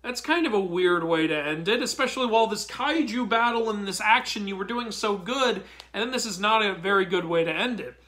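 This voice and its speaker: A man giving a casual review of a TV episode, excitable and prone to exasperated outbursts. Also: sits high, brisk, hardly any pauses. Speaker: mythology video commentator.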